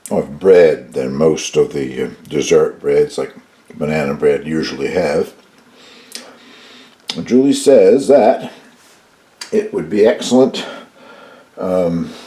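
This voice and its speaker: Older guy chatting thru his baking, low mellow voice, easygoing. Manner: easygoing, chatty, tastes and comments as he goes. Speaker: home baking vlogger. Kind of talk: casual cooking demonstration.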